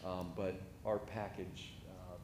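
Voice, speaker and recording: A man presenting a site plan at a city review meeting, halting with many fillers and restarts. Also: low voice, flat delivery, background noise. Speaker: project presenter. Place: city meeting, remote or chamber.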